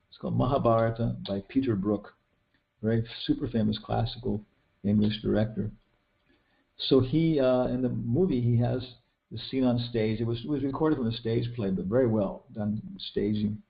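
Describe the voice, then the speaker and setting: A man's voice: medium pitch, moderate pace, gravelly. Rambling older man telling an epic story. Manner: rambling, many restarts and fillers, retells film scenes with quoted lines. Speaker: teacher giving a scripture class. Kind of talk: casual scripture class storytelling. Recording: dull lo-fi recording.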